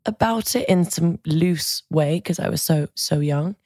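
Woman interview host, low voice, thoughtful, dry close sound. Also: unhurried, warm tone, no room sound. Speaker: podcast host. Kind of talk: interview conversation.

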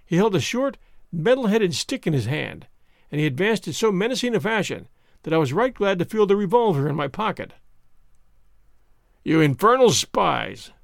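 A man reading a story aloud in an expressive, dramatic way. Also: high-pitched, a little fast, gravelly, no room sound, studio quality. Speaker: narrator.

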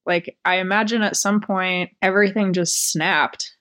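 A woman's voice: mid-range voice, fairly even intonation, unhurried, fairly bright tone. A woman co-hosting an interview, building her question gradually as she thinks aloud. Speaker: podcast co-host.

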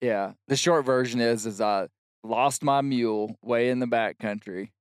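A middle-aged man on a podcast telling a long funny story, animated and shouting out the lines he quotes. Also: mid-range voice, measured pace, clear, resonant tone, no room sound, clean studio sound. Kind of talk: casual storytelling chat.

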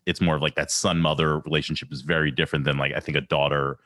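Deep-voiced man musing in a dry room. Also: level tone, fairly bright tone, no echo. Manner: reflective, halting, with restarts. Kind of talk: casual conversation.

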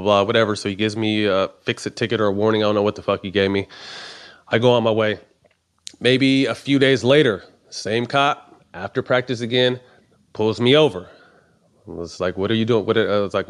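Profane man telling a story. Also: fairly low pitch. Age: adult. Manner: profane, quotes both sides of conversations. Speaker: professional basketball player. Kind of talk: casual storytelling.

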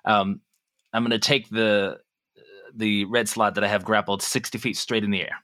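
A man playing in a tabletop game, calmly describing his character's actions with some swearing. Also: lowish voice, moderate pace, no room sound. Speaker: player. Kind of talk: tabletop game play, casual.

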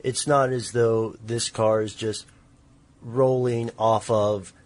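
Inquisitive man with a lowish voice. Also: steady tone, slow pace. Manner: inquisitive, stumbling over questions. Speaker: host asking questions. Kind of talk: casual conversation.

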